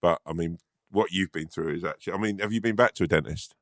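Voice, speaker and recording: A man's voice: low-pitched, fast, fairly bright tone, no echo, clean studio sound. A man, a podcast co-host chatting from home, jokey and sweary, laughing often. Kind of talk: casual chat. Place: at home, remote call.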